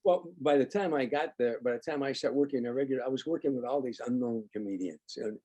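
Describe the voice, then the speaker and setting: Husky-voiced older man telling stories. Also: medium pitch, fast talker. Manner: animated anecdotes, acts out quoted dialogue. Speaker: guest comedian. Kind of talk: storytelling interview.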